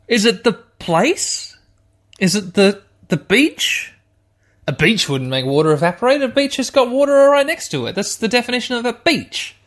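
A man hosting a let's-play podcast, rambling and self-mocking as he plays a text adventure and talks to his listeners. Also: very high voice. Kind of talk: casual let's-play commentary.

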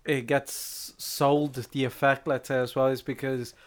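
A man's voice: mid-range voice, level tone. Enthusiastic swearing male podcast host. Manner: enthusiastic, swears casually, halting restarts. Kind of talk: casual film chat.

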